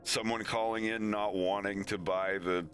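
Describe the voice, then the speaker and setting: Male streamer, casual rambling storyteller, bright tone. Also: on the low side, normal speed, soft background music. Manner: rambling, laughing, animated.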